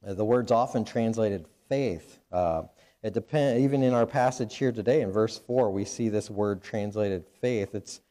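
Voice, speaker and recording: A man's voice: lowish voice, moderate pace, warm tone. A man pastor preaching a sermon, earnest, with frequent restarts and fillers.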